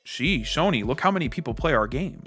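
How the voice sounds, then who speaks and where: A man voicing a smug male game studio executive who shows off in a drawn-out way. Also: medium pitch, lively intonation, fairly bright tone, lightly acted.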